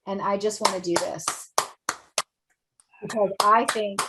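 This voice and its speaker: A woman's voice: mid-range voice, fairly even intonation, measured pace, heavy background noise. A woman hosting an online event, gushing and effusive, repeating her praise. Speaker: event host.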